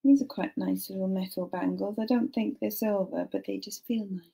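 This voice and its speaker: A young woman casually chatting to a live stream while sorting jewellery, muttering soft asides to herself. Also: medium pitch, fairly even intonation, normal speed, gravelly, husky.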